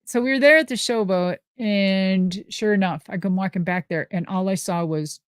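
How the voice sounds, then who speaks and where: A woman from Minnesota spins a casual story with loose, salty energy and easy laughs. Her voice sits at a middle pitch and comes through a dry, close mic with no room sound. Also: normal speed, clear, resonant tone, no echo. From Minnesota, USA. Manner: lively, profane, laughs often. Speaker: guest answering live questions.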